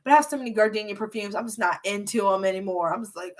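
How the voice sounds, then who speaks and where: A woman's voice: mid-range voice, lively intonation, fast talker, hardly any pauses. A young woman YouTuber chatting casually on a livestream, reading viewer comments in a bubbly, rambling way with plenty of filler words. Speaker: beauty and hair YouTuber.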